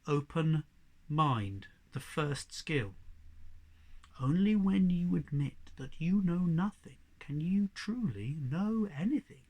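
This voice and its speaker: A man's voice: on the high side, animated, slow pace, a little mellow. Man narrating a children's story. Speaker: audiobook narrator.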